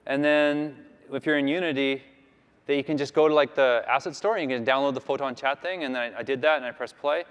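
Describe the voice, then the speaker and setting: A Canadian man with a medium-pitched, clean voice speaks briskly, giving a casual conference talk with a live demo. He's chatty and rambling, leaning heavily on fillers. The large hall adds a long reverb.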